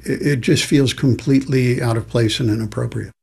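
A man, a pastor, giving candid, slightly halting interview comments. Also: medium pitch, steady tone, gravelly, darkish tone, husky.

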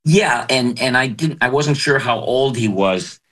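A man who is a voice actor, speaking earnestly and haltingly as a guest in an interview. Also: mid-range voice, expressive. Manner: halting, earnest, soft-spoken. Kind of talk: candid interview talk.

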